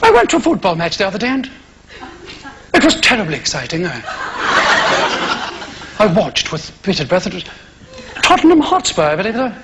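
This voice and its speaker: A prim, posh English religious broadcaster, plummy and patronising, as a Scottish comedian sends him up on stage. The voice drops low and fussy, and the crowd roars behind it. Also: male voice, huge pitch swings, fairly quick, long pauses, very noisy, exaggerated voice.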